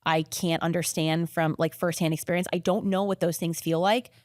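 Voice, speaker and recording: A young adult woman, a podcast guest in casual conversation, talking quickly and filling her sentences with "like" and "you know what I mean.". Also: lowish voice, fairly even intonation, a little mellow, dry recording, clean studio sound.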